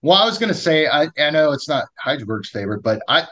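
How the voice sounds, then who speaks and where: A man's voice: fairly high pitch, big pitch swings, fast talker, a bit bright. A joking man co-hosting a horror film podcast, talking casually. He stumbles over his words and restarts sentences as he goes. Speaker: podcast co-host.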